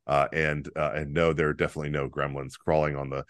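Low-voiced rambling man, dry mic. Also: level tone, quick pace, a bit bright, no room sound. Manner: rambling, many fillers and restarts, chuckling. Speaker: podcast co-host. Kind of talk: casual political comedy chat.

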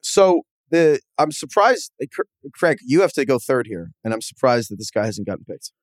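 A man with a New York accent talks fast and loose, cracking jokes as he runs a sports podcast. His voice sits at an ordinary middle pitch, recorded dry and close with no room sound. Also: big pitch swings, no room sound. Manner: quick, joking, laughs often. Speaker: podcast host. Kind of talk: casual sports podcast chat.

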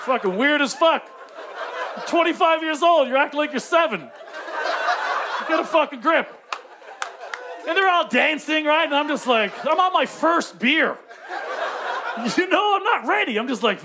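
High-voiced Canadian man telling comic stories. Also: moderate pace, pauses often, noisy background. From Newfoundland, Canada. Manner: storytelling, animated, swears freely. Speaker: stand-up comedian. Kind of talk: stand-up comedy set. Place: comedy club stage with audience.

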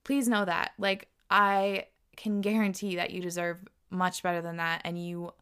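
A woman's voice: on the low side, little pitch movement, unhurried, fairly bright tone, clear, resonant tone. A young woman reading follower messages aloud and giving earnest, heated relationship advice. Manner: earnest, gets heated, repeats pleas.

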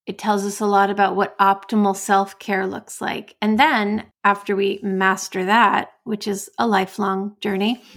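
An American woman with a mid-range voice hosts a solo podcast as an astrologer and coach. She talks casually, adding playful asides and often interrupting herself.

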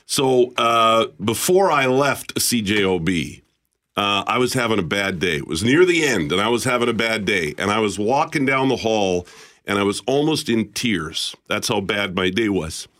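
A man's voice: fairly low pitch, expressive, normal speed, a bit bright. A middle-aged man, a radio host telling a heartfelt story in a casual on-air chat, getting emotional as he talks. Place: radio studio.

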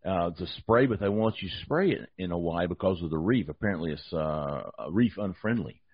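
A man's voice: low-pitched, animated, brisk, slightly rough, no room sound. A man hosts a casual sports talk show, joking and rambling as he restarts his sentences. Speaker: podcast host. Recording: slightly muffled podcast audio.

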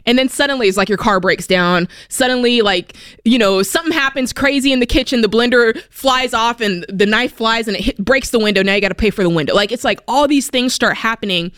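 A woman hosting a money advice radio show, talking in an energetic, motivational way and acting out quotes. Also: a little fast, clean tone, no room sound, clean studio sound. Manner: energetic, animated, acts out quotes in a higher voice. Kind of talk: upbeat motivational radio talk.

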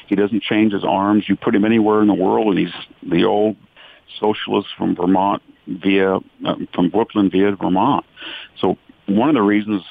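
A man with a very deep, gravelly voice gives long, opinionated answers as a podcast guest. His voice comes through a tinny, dry phone line. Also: dry recording. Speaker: guest commentator. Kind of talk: political commentary in a podcast interview. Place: speaking from a rural county in California.

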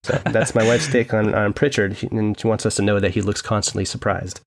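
A young man co-hosting a casual sports podcast from home, telling animated stories and laughing often. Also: lowish voice, fairly quick. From United States. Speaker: podcast co-host.

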